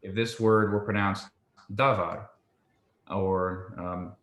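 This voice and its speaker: A man's voice: lowish voice, unhurried, a bit bright, echoey room. A man tutoring basic biblical Hebrew one-on-one, explaining patiently and checking that his student follows. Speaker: Hebrew teacher.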